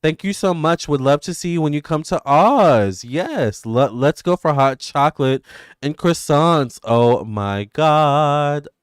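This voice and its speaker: Excitable man in his thirties, smooth clear voice, dry close sound, gushing livestream chat. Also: fairly high pitch, no room sound. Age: 30s. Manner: excitable and gushing, quick swings between squeals and murmurs. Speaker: tarot reader hosting live readings. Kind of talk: casual livestream chat with viewers.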